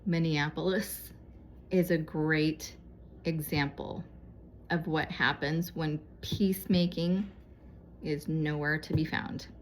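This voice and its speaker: Earnest woman urging viewers, lowish voice. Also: steady tone, takes it slowly, a little hiss or hum. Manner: earnest, conversational, pleading. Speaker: vlogger giving moral advice. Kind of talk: casual heartfelt exhortation to viewers.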